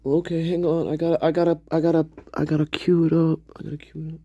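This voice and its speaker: A man's voice: fairly high pitch, monotone, quick pace, mellow, no echo, lo-fi sound. A man co-hosting a late-night livestream, laughing often, repeating himself and greeting viewers by name. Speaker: livestream co-host. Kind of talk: casual livestream chat.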